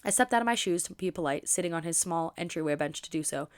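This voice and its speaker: A woman reading a romance novel aloud for her book channel, expressive and dropping in quick asides of her own. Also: on the low side, clean tone.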